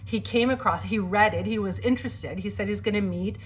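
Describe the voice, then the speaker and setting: A woman's voice: mid-range voice, a little fast, slight background noise. Chatty woman with a slight cold. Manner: chatty, many "like" fillers, acts out quoted lines. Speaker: storyteller sharing a testimony. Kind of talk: casual personal storytelling.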